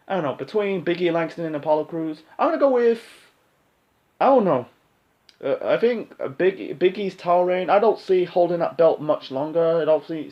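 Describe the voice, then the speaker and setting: A man with a slightly raised voice talks through his predictions in a loose, rambling way, full of "you know" and restarts. He is blunt and swears now and then. The recording sounds dull and lo-fi. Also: fairly high pitch. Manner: rambling, many fillers and restarts. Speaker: wrestling pay-per-view predictions host. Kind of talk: casual solo commentary.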